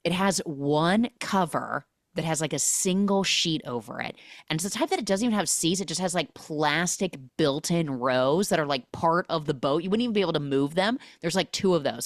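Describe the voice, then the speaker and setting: Lively, sarcastic woman host, low voice. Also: no room sound, studio quality. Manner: animated, sarcastic storytelling with acted quotes. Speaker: podcast host. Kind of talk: casual film recap.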